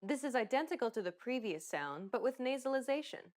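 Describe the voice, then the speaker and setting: A woman narrating a pronunciation lesson in a clear, explanatory, encouraging way. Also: high-pitched, sing-song, a little fast.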